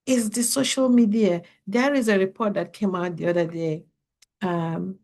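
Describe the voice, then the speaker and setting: Earnest woman podcaster with a gravelly voice. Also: medium pitch, steady tone, normal speed, darkish tone. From Africa. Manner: earnest, poses many questions to listeners. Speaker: podcast host. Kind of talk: podcast monologue to parents.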